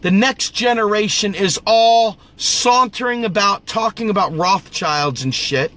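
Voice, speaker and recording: High, bright-voiced man ranting. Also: a little slow. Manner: blunt, profane and preachy, repeats phrases for emphasis. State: coughing at times. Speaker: political video host. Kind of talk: impassioned ranting vent session.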